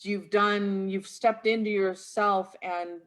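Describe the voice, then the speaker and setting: A woman's voice: medium pitch, steady tone, slow pace, a bit bright. A middle-aged woman speaking reflectively on a live stream, often restarting her sentences. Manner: reflective, searching for words with restarts. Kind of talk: casual conversation on a live stream.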